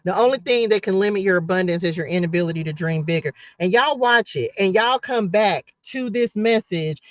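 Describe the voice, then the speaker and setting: Passionate high-voiced man, dull dry sound. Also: no room sound. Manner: passionate, repeats "y'all" and praise phrases, halting restarts. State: emotional, close to tears. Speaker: host giving a spiritual message. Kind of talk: casual live spiritual talk to viewers.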